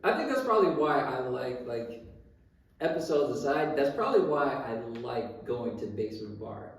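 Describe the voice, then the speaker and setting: A young man co-hosting a podcast, telling stories in an animated, profane, casual way. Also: medium pitch, normal speed, vocal fry. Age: young adult. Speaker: podcast co-host. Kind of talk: casual chat. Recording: roomy, distant mic.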